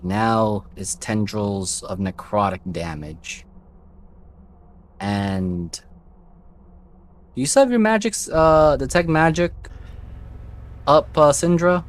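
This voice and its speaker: Male game master, low voice, unhurried narration, light background hiss.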